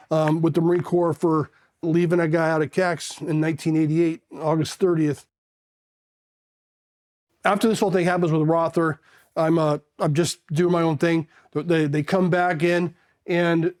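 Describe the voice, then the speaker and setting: Blunt, rambling and casually profane, this Californian man in his fifties spins candid stories drawn from his Marine veteran past. He speaks in a high voice with a darkish tone.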